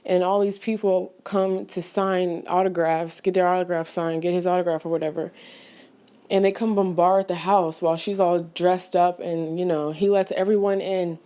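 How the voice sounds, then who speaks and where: A woman's voice: lowish voice, fairly even intonation, normal speed, warm tone, clear, resonant tone. A woman giving a casual, rambling spoken film review as a vlogger, full of fillers and restarts and sudden outraged exclamations, pacing back and forth as she talks. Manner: paces back and forth while talking.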